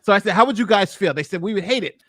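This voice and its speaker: A man on a livestream panel, telling a story in a lively, animated way and laughing often. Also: very fast, no echo, clean studio sound. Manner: animated storyteller, laughs often, rises high when excited. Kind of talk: casual livestream chat.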